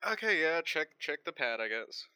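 A man playing in a casual tabletop roleplay game, relaxed and easygoing. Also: a little high, normal speed, clean tone, no echo. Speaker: player.

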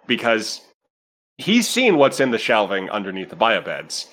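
Guy narrating his character's moves, pitch bouncing all over. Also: very animated, unhurried, a bit bright. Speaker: player. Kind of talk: describing his character's actions.

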